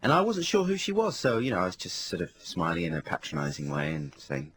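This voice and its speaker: A man's voice: low-pitched, sing-song, fast, hardly any pauses, fairly bright tone. A man with an English accent, co-hosting a radio show and telling anecdotes in casual banter in a studio.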